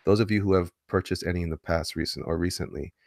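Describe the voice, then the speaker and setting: A man talks loosely to his stream chat in a fairly low voice. His sentences restart and wander as he answers viewers' comments. The recording is dry and close to the mic. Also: fast talker, creaky, a little mellow, no room sound. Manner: rambling, with frequent restarts. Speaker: comic artist streaming and reading chat. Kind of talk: casual live-stream chat.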